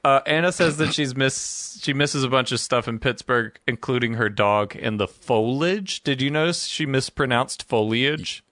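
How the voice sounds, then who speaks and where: A man hosting a podcast, playful and quick to laugh in casual chat over a video call. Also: mid-range voice, fairly bright tone, dry recording. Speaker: podcast host.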